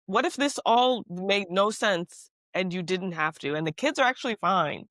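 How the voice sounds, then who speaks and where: A woman co-hosting a podcast in casual chat. She talks in animated, exasperated rants with emphatic outbursts. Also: mid-range voice, moderate pace, no echo. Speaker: podcast co-host.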